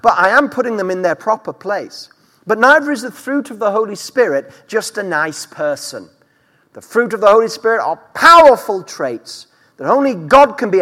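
A man's voice: high voice, fairly bright tone. A man preaching a sermon as pastor, with emphatic delivery that rises and falls. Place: church. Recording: church hall reverb.

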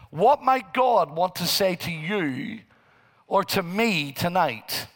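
Guy preaching a slow deliberate sermon, high voice, big echoey church hall. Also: lively intonation, fairly bright tone. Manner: preaching slowly, rising into emphatic quoted scripture. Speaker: pastor. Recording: church hall with long reverb.

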